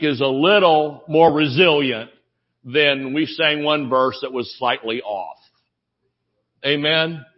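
A man's voice: mid-range voice, muffled recording. A man with a Southern US accent, preaching a humorous sermon full of stories and laughter. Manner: animated storytelling, laughs often.

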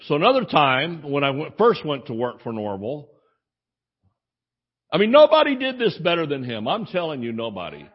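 A man's voice: a little high, wildly swooping pitch, normal speed, highs cut off. A male preacher telling a rambling anecdote in a sermon, acting out the voices of the people he quotes. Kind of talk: sermon storytelling.

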